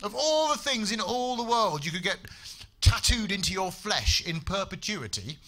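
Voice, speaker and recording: A man's voice: high voice, very animated, normal speed, a bit bright, faint music behind. A man doing a stand-up comedy set on a club stage, telling stories in a dry, sardonic way with profane punchlines. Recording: live club with audible room noise.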